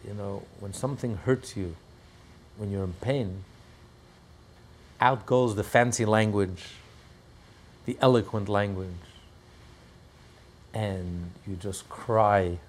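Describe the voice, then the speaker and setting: A man teaching a class on a religious text, telling stories in an animated way and breaking into loud cries when he acts out quotes. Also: on the low side, slow, pauses often, breathy edge. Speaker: Torah teacher.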